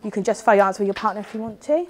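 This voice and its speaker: A woman's voice: medium pitch, racing. A woman teaching a primary class, upbeat and full of questions for the pupils. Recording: chattering class behind.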